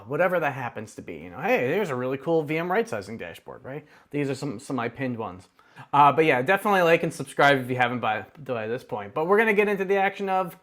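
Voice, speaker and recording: A man hosting a screen-share software tutorial, his voice sitting a little high for a man. He talks in a chatty, upbeat way, tossing in playful asides as he clicks through. He is close on a desk microphone. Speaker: tech tutorial host.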